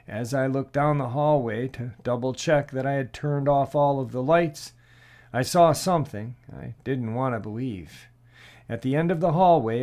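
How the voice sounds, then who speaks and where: A man narrating a listener's frightening encounter in a steady, measured storytelling voice. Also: medium pitch. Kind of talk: scripted narration.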